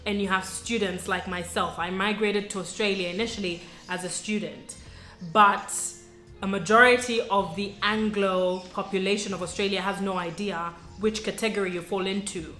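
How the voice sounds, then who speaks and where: A woman's voice: mid-range voice, fairly even intonation, moderate pace, bright, forceful tone. A young adult woman from Sudan telling her own story to camera, earnest and reflective, chatty with many asides. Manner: earnest, reflective, conversational with frequent "you know" and "like". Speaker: vlogger. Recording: roomy echo with faint music.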